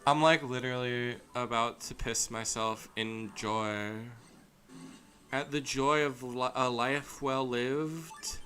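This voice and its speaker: A man's voice: medium pitch, fairly even intonation, slow, bright, forceful tone, soft background music. A male streamer giving casual, goofy gameplay commentary, amusing himself as he talks. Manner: goofy, self-amused talking to himself.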